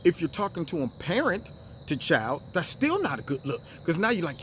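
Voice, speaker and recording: A man hosting a solo political commentary show, talking in an animated way and acting out other people with high, exaggerated voices. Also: moderate pace, slight background noise.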